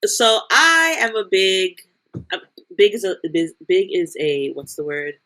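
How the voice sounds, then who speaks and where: A woman's voice: mid-range voice, big pitch swings, measured pace, pushed and bright. A young woman co-hosting a podcast in casual chat, rambling and restarting her sentences. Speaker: podcast co-host.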